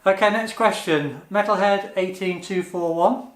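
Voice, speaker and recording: A man chats through viewer questions in an easygoing vlog, earnest and a little hesitant with frequent ums. His voice sits slightly high for a man. The sound bounces around an echoey room. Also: moderate pace. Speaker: motovlogger answering viewer questions. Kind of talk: casual Q&A vlog.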